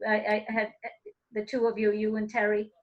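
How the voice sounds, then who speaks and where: A woman hosting an interview, chatting casually and telling lively stories with frequent laughter. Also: mid-range voice, a little fast, muffled recording. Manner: lively storyteller, laughs often. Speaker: host.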